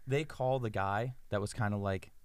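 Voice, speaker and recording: A man co-hosting a podcast, telling a story in an animated way with quick asides. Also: on the low side, a loud crowd. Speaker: podcast co-host. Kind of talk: casual chat.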